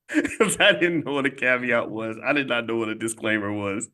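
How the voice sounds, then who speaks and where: A man's voice: medium pitch, moderate pace, sharp tone. A man hosting his own channel, telling stories in a blunt, emphatic, conversational way and often restarting his sentences. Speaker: host. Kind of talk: casual monologue storytelling.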